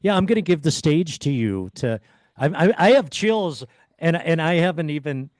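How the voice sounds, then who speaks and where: A man hosting an interview, eager and a bit halting, often repeating words. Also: a little high, expressive, a little mellow, no echo, studio quality. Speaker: podcast host. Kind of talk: casual interview chat.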